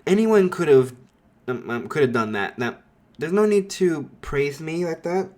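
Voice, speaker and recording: A man's voice: a little high, expressive, unhurried, darkish tone, pitched above the performer's own voice. A man doing humble young hero Izuku. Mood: flustered. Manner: earnest and self-effacing. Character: humble earnest young male hero student.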